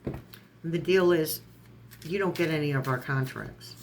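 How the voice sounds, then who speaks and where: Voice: mid-range voice, a little slow, slight background noise. A tarot reader in a casual online reading who strings card keywords together, stumbles and corrects words, and adds sarcastic asides.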